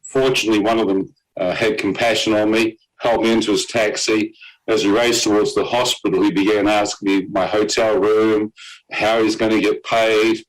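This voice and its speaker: A man with a lowish voice tells his story of nearly dying. He gets animated, slips into other people's voices for their lines, and chuckles at his own bad luck. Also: normal speed, poor audio. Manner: animated storyteller, quotes others in character, laughs at himself. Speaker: guest telling his testimony. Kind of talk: personal testimony storytelling.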